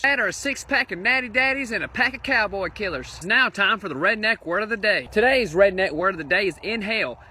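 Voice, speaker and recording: Fast, bright-voiced man joking. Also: high voice. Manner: rapid joking delivery, crude. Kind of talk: comic monologue.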